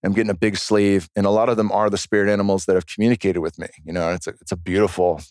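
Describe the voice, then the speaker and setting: A man guest on a podcast, telling stories in a casual, animated, profane way. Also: sits low, racing, no room sound, studio quality. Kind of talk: casual storytelling chat.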